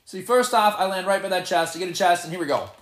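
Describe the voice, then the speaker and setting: A man giving live gameplay commentary, excitable and playfully boastful as he trash-talks. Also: high-pitched, fast talker, roomy sound. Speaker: gamer.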